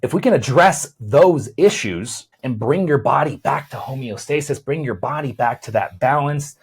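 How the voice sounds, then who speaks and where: A man's voice: medium pitch, animated, moderate pace, creaky, slightly rough. A man, a chiropractor hosting a podcast, explains weight loss in a conversational way, often repeating words as he thinks and checking in with "right?".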